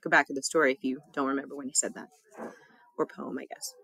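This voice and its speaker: A woman's voice: a bass voice, flat delivery, quick pace, fairly bright tone, no echo. A woman teacher reading a test and a poem aloud for her students, in a casual, chatty way with small laughs.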